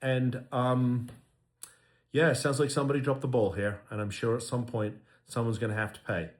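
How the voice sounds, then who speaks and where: A man's voice: medium pitch, little pitch movement, moderate pace. A middle-aged man, a lawyer, talking casually to camera in an earnest way, with lots of ums and repeated words. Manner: earnest, repeats himself, many fillers.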